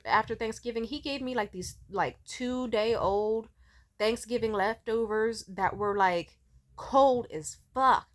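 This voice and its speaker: A young woman vlogging in a casual, swear-filled storytelling way, acting out the people she quotes. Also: a little high. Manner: profane, animated, acts out quoted people.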